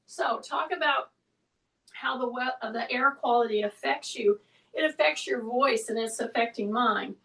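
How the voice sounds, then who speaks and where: A woman's voice: on the high side, measured pace, fairly bright tone, recorded from a distance, poor audio. A woman with a Southern accent leading a home mobility workout, chatty and encouraging as she moves through the exercises. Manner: chatty, encouraging, talks while moving. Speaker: fitness instructor. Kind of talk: casual exercise instruction.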